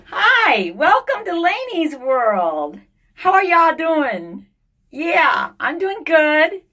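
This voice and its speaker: A woman's voice: extremely high pitch, very animated, drawn-out words, pitched above the performer's own voice, heavily acted. Woman putting on a chirpy fake-happy vlog host. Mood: forced cheer. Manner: bubbly, sing-song, forced brightness. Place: sauna.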